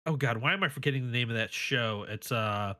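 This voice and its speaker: Man, 30s, bright voice, chatty storyteller, casual podcast. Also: mid-range voice, brisk. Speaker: podcast co-host.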